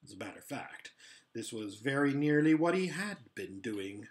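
A man narrating a children's novel aloud in an expressive, measured storytelling manner. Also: mid-range voice. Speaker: audiobook reader.

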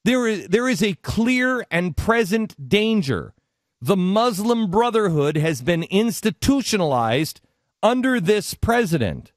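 A man's voice: sits high, big pitch swings, measured pace, no echo, clean studio sound. A middle-aged male radio host talking politics with passion, hammering the same question again and again. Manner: impassioned, repeats questions. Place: radio studio.

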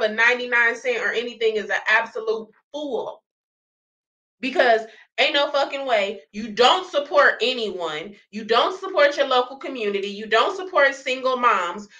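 A woman's voice: high voice, sharp tone. A woman hosting a reaction channel, ranting in blunt, sassy, profane commentary.

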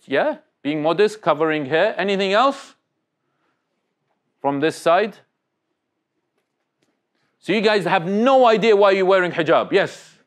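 A man giving an interactive religious talk to young people, speaking conversationally, questioning the audience and restarting his sentences. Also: a little high. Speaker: Islamic speaker.

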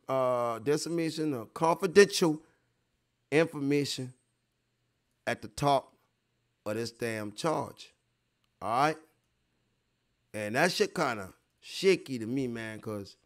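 A man hosting a casual online livestream, talking straight to his viewers in a rambling, profane way and repeating himself for emphasis. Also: medium pitch. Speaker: online show host.

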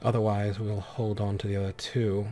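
A man's voice: fairly low pitch, flat delivery, normal speed, mellow, a little hiss or hum. A man hosting a let's play with commentary, speaking in an affected, pompous persona and calling the game characters darling and dear.

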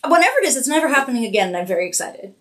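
A woman hosting a cosmetics live stream, chatty and quick to laugh. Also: on the high side, big pitch swings. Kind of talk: casual live-stream chat.

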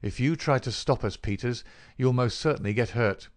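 A man's voice: medium pitch, normal speed, no echo, close to an everyday voice. A man voicing a cool, commanding male detective in an audiobook, with clipped, firm speech. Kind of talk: audiobook character reading.

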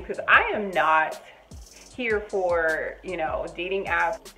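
A young adult woman vlogging a casual storytime, animated and chatty, jumping between loud high bursts and quiet muttered asides. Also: a little slow, faint music behind, low-quality recording.

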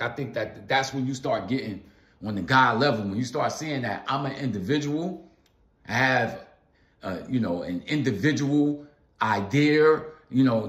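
A man's voice: medium pitch, fairly bright tone. Man musing repetitively in an echoey room. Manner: repetitive, emphatic, loose slang address. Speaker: vlogger. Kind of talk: casual philosophical monologue.

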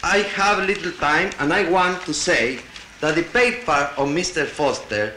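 Man, bright, echoey. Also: fairly high pitch, a little hiss or hum. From Latin America. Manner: halting, with restarts and wry asides. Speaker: conference delegate. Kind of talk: conference speech, partly reading a paper aloud. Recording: echoey hall, 1960 archive tape.

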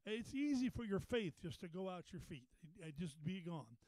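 Male pastor, high voice, folksy storyteller who builds to fervent preaching, dry close sound. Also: very animated, normal speed, darkish tone, dry recording, poor audio. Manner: folksy, repeats words, rises to a preaching pitch. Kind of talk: storytelling sermon. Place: Bible study meeting room.

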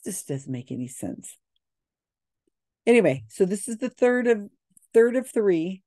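A woman's voice: medium pitch, very animated, measured pace, warm tone, no room sound, studio quality. A woman giving skeptical, blunt video commentary, talking casually with frequent ums and restarts. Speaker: commentator reviewing psychic videos.

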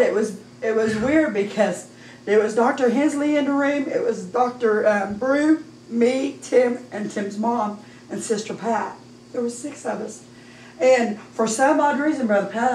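A middle-aged woman with a Midwestern American accent gives a heartfelt personal testimony in church, her voice rising toward near-shouting as she recounts praising God. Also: on the high side. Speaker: church member giving testimony. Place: church sanctuary. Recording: echoey room, distant mic, faint noise.

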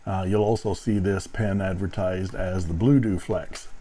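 A man's voice: low-pitched, steady tone, normal speed, warm tone, poor audio. A man narrating a fountain pen review, with dry, wry humor between demonstrations.

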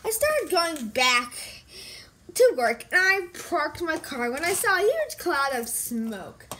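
A woman's voice: high voice, big pitch swings, slow, bright, forceful tone, slight background noise. A woman telling a silly made-up story in a giggly, rambling way, switching between voices. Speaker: vlogger.

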